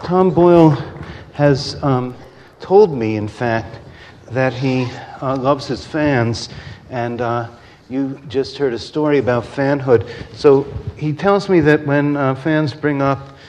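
Male moderator, slow and halting, faint room noise. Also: medium pitch, a little mellow. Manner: hesitant, full of ums. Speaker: event moderator. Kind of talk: live event introduction.

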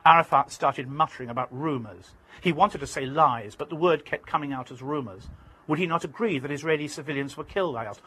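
British man reading his memoir, husky. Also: a little high, quick pace, sharp tone, low-quality recording. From Britain. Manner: vivid, emphatic storytelling. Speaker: author reading his book.

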